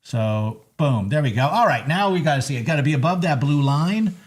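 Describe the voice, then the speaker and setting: A man hosts a casual live trading recap from a home desk. His pitch swings widely as he jokes and gets excited over the charts. He keeps breaking into laughter. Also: a little fast. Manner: excitable and joking, bursts of laughter. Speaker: host of a live market recap.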